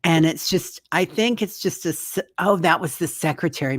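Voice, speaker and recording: Woman with a real low voice, chatty stream co-host reading out comments, dry close sound. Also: normal speed, dry recording. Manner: chatty, reads viewer comments aloud. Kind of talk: casual livestream chat.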